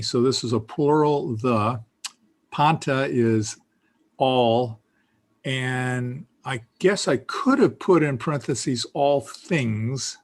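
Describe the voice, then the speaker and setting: A man teaching a beginners' Greek class, taking his time over each word. His delivery is slow and patient, with a plain middle pitch and frequent filler sounds as he explains. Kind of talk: casual teaching.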